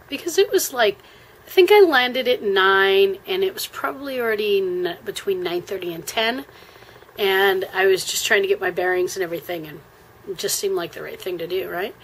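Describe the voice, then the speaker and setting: A woman with an American accent and medium pitch tells a travel story in a casual, rambling style, full of fillers and frequent throat clearing. The audio quality is poor.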